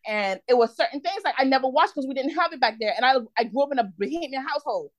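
A woman with a fairly high voice holding her ground in a casual podcast chat. She talks firmly and repeats herself to make her point, and her voice is recorded close and dry. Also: animated, quick pace, dry recording. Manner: insistent, defensive when challenged. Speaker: podcast co-host.

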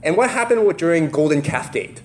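This slightly high-voiced man talks a bit fast, with a little hiss or hum in the audio. His casual sermon is lively and full of fillers and laughs, and he frequently performs the characters' voices himself.

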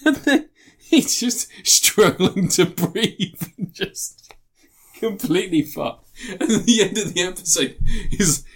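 A man co-hosting a podcast, telling stories excitedly, swearing often and laughing through them. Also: sits high, takes it slowly, breathy edge. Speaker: podcast co-host. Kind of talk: casual chat.

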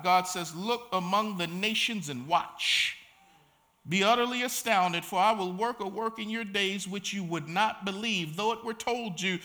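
A male pastor preaching a sermon, speaking with passion and sometimes building to shouts. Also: sits high.

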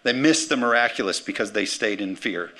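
A man preaching a sermon as pastor, energetic, calling for amens and acting out the words of scripture figures. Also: on the low side, a little fast. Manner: energetic, calls for amens, acts out quotes.

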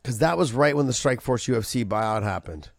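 Gravelly, profane man in casual talk. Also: mid-range voice, a little fast, no echo, clean studio sound. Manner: profane, animated storytelling with many fillers. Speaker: podcast co-host, former fighter. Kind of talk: casual chat.

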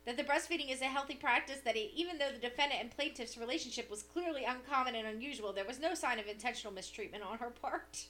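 A woman's voice: on the high side, fast, few pauses, sharp tone, echoey room. A woman co-hosting a casual comedic chat, profane and full of dry wisecracks. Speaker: podcast co-host.

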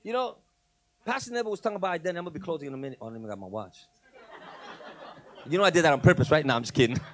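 A middle-aged man preaching a sermon in a fairly high voice. He tells stories from his own life and swings from low, mumbled asides to loud, emphatic preaching. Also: no echo.

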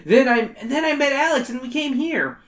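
A woman's voice: sits high, expressive, a little fast, voice pushed up. A woman voicing a whiny schoolboy who is stuck inside a comic book, read aloud on a comedy podcast. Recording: echoey room.

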